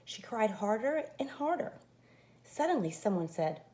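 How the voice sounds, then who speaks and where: A woman teacher reading a fairy-tale picture book aloud in an expressive way. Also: mid-range voice, moderate pace. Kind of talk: storybook read-aloud.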